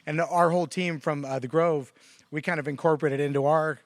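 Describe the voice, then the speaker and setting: Man, slightly high voice, lively storyteller who jumps up in pitch for quotes, close dry sound. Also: a little fast, no room sound. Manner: animated storyteller, quotes others with raised pitch. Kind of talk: casual conversation.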